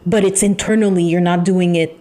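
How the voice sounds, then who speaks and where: A woman giving a channeled tarot reading, talking in an emphatic, repetitive way with pauses and sighs. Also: lowish voice, steady tone, mellow. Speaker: tarot reader.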